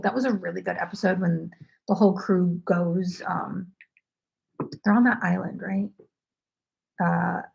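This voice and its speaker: Her voice runs on the low side, creaky with a darkish tone, as she hosts a casual knitting livestream from home. She rambles chattily and uses "like" heavily.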